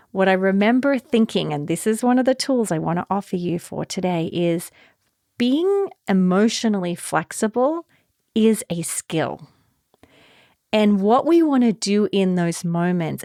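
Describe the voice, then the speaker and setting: A woman hosting a podcast, telling a personal story in a casual, animated way and acting out her own reactions with big jumps in pitch. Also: measured pace, no room sound, clean studio sound. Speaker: podcast host. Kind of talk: casual solo podcast talk.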